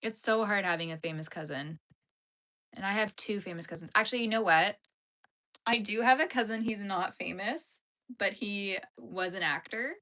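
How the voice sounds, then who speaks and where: Her mid-range voice sounds pushed and bright, moving at a normal speed, as she hosts a knitting livestream from Yellowknife in Canada's far north. She answers viewers' comments in easy, chatty fashion, laughing often and saying "like" again and again.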